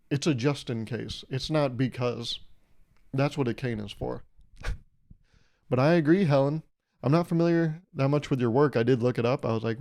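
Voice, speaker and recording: A young man hosting a solo comedic podcast, rambling and irreverent, swearing freely and breaking into loud mock voices when he quotes people. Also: mid-range voice. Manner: profane. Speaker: podcast host.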